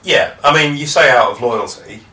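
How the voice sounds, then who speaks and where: A man's voice: mid-range voice, moderate pace, bright, forceful tone. A man co-hosting a podcast in casual chat, with dry, teasing banter and frequent laughs. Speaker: podcast co-host. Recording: roomy echo, mic at a distance.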